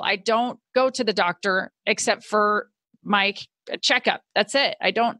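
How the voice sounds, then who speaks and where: A woman's voice: on the high side, a bit bright, dry recording, clean studio sound. A middle-aged woman, a podcast guest and business owner, telling a personal story in an earnest way and acting out her past thoughts with animation.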